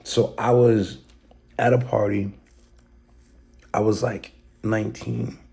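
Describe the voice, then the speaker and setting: Gravelly-voiced young man telling stories. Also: on the low side, slow. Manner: animated, acts out quotes and sound effects; slangy, street talk. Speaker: podcast host. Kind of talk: casual storytelling.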